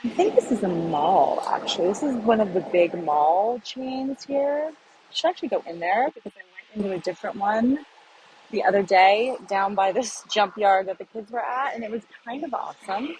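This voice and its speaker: A woman's voice: medium pitch, lively intonation, moderate pace, background noise. An American woman vlogging casually while walking city streets, rambling and self-deprecating, recorded on a phone. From United States.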